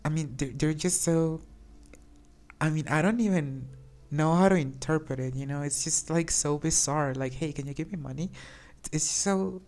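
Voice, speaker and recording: A woman talks casually while playing a game, low in pitch. She is chatty and hesitant, often restarting her sentences. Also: moderate pace, a little mellow. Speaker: streamer. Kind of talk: casual gameplay commentary.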